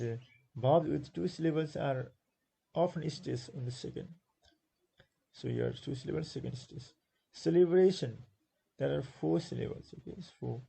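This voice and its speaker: Gravelly, husky Nepali-accented male teacher. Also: medium pitch, warm tone, poor audio. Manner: repeats words slowly to stress syllables, with many fillers; switches into Nepali to explain. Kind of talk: exam-prep lesson explaining a textbook.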